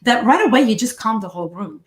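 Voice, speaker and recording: Animated woman host explaining. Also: fairly high pitch, fast. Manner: animated, acts out quoted inner voices. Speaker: podcast host. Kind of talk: casual conversational interview.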